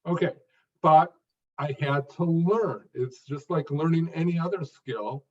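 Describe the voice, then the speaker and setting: A man answering interview questions in a measured, earnest way, speaking phrase by phrase with pauses. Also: fairly high pitch. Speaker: guest, stuttering coach. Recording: distant, dull lo-fi audio.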